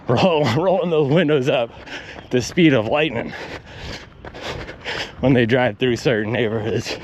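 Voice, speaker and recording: A man's voice: medium pitch, a little slow, long pauses, a little mellow, slight background noise. A man vlogging outdoors while out on a run, talking in wry, ranting asides between strides. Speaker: running vlogger. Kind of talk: casual vlog monologue while running.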